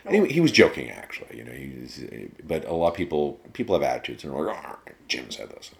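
A man with an extremely low, rumbling voice talks through a casual interview. He tells rambling stories, swears freely, and stumbles through plenty of restarts. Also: sing-song, quick pace, gravelly, darkish tone. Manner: rambling, profane storyteller. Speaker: interview guest. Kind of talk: casual conversation.

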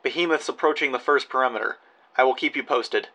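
A man's voice: medium pitch, quick pace, sharp tone, poor audio. A man voicing a communication armband that relays terse, dispatch-style messages.

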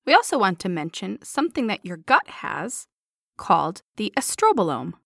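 A woman's voice: mid-range voice, wildly swooping pitch, moderate pace, gravelly, no room sound, studio quality. A woman co-hosting a playful health podcast, explaining science and laughing often. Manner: giggly, explains science with jokes. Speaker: podcast co-host.

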